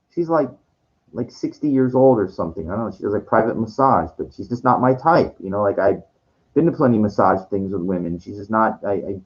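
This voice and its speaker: A streamer's mid-range male voice comes through a muffled recording. He rambles on in a monologue, restarting sentences and swearing, and occasionally acts out other people's lines in character voices.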